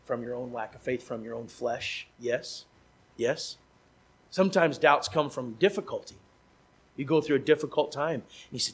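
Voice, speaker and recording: A man preaching as a traveling evangelist, emphatic and given to repeating key phrases, moving between loud pleading questions and quiet conversational asides. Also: mid-range voice, normal speed, slightly rough, poor audio. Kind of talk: sermon.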